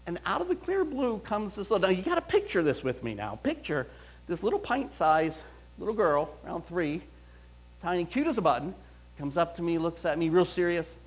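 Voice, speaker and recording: A man, a counselor, telling stories from his counseling work in an animated, storytelling way. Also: high voice, fairly quick, husky. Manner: animated storyteller, quoting voices. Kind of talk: storytelling talk.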